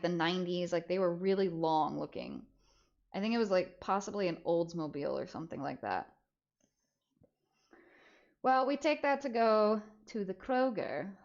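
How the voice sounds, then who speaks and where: A young woman streamer tells a story in a casual, animated way, swearing freely and doing the voices of the people she quotes. Her pitch sits in the middle range, and the lo-fi audio sounds slightly dull.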